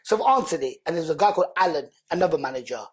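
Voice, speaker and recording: A man, a podcast guest telling an emotional personal story in an animated, slangy way, repeating words for emphasis. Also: on the high side, rapid-fire, slightly rough.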